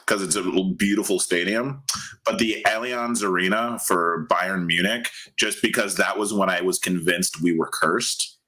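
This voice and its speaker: A man co-hosting a podcast, telling jokey, animated stories in casual chat. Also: sits low, moderate pace, low-quality recording. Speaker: podcast co-host.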